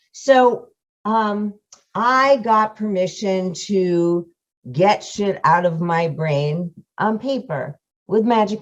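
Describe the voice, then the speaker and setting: A woman giving a frank, profane, self-mocking and emotional testimonial about a course over a video call. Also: mid-range voice. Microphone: computer camera mic on a video call. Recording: muffled video-call audio.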